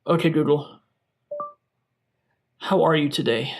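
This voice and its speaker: A man's voice: on the high side, takes it slowly. A young man hosting a mock product review, gushing with over-dramatic enthusiasm. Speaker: tech YouTuber.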